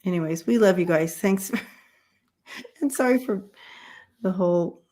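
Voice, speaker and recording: A woman's voice: mid-range voice, a little slow, dark tone. A woman hosting a casual livestream chat who rambles, with many fillers and restarts. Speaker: livestream host.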